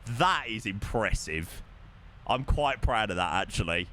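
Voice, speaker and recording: Excitable male streamer with a bright voice. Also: fairly low pitch, unhurried, slight background noise. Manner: excitable, swears, talks to chat. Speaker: live streamer. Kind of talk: casual live-stream chatter.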